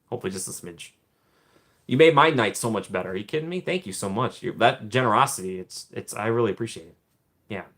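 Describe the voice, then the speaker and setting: A man's voice: mid-range voice, fairly bright tone. Playful rambling man chatting with viewers. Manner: playful, rambling, reads and thanks chat by name; jokey asides, quick laughs. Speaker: streamer hosting a live chat. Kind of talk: casual live-stream chat with viewers. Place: room at home.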